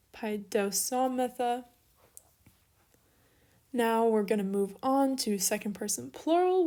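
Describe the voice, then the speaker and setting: A woman's voice: fairly high pitch, a little mellow. A young woman teaching an online lesson, working through steps methodically and talking herself through small mix-ups.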